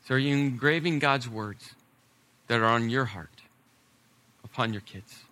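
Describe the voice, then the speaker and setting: A middle-aged man preaching a sermon as a pastor, telling stories and building to emphatic points before dropping his voice low. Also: measured pace. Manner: storytelling preacher, rising to emphasis then dropping soft.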